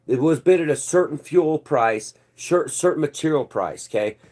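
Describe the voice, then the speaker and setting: A man's voice: fairly high pitch, animated, moderate pace, a little mellow. A man hosting his own online news channel, ranting casually and sarcastically, rambling and swearing freely.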